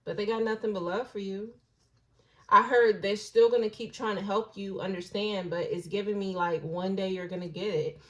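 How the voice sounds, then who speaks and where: A woman's voice: medium pitch, fairly even intonation, moderate pace, poor audio. Casual, blunt woman reading tarot. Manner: musing, drifts into soft hushed asides; slangy and blunt, with occasional swearing. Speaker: tarot reader.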